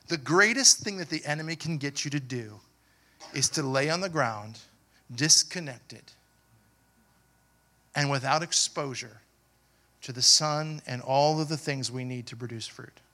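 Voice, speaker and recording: A man preaching a sermon as pastor, asking the congregation questions and building to loud, emphatic passages. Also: mid-range voice.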